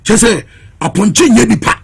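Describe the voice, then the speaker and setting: A man's voice: high-pitched, expressive, moderate pace, gravelly, husky. A Ghanaian man giving heated political commentary on a talk show, impassioned and challenging, switching between Twi and English.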